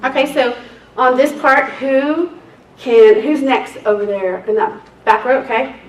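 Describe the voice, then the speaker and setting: Woman, seminar instructor, chatty storyteller, fairly high voice, distant roomy sound. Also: a little slow. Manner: chatty, laughing, lively storyteller. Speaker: seminar instructor, court reporter. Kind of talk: casual storytelling lesson. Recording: roomy, distant mic, faint noise.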